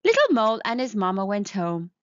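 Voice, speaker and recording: A woman reading a children's storybook aloud in a slow, sing-song, expressive way. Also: mid-range voice, no room sound. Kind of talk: children's read-aloud narration. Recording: dull lo-fi sound.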